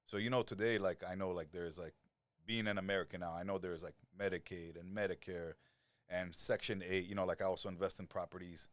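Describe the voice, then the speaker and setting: A middle-aged man, a lifestyle coach talking as a podcast guest, who tells animated stories, swears freely and acts out the people he quotes. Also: sits low, fairly quick, dry recording. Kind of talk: casual podcast conversation.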